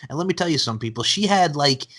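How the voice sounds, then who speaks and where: A man's voice: on the high side, expressive, quick pace, a bit bright. A man in his thirties from Long Island, hosting an interview in a casual, jokey way with many fillers. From Long Island, New York. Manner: chatty, jokey, heavy on fillers. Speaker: podcast host.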